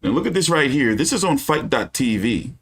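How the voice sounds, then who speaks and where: A man's voice: mid-range voice, big pitch swings, brisk, gravelly, fairly bright tone, slightly rough. A man hosting a casual boxing news live stream, with a loose, profane, ranting delivery full of fillers.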